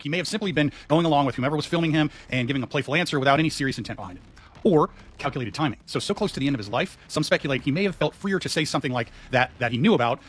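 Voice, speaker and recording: A man giving casual commentary on a video clip, posing questions to viewers. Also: on the high side.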